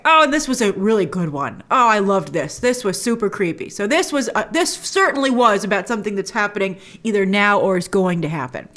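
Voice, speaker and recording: Animated woman host recapping an episode. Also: medium pitch, brisk, few pauses. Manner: animated, jumps into quoted voices of characters. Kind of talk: casual recap and reaction.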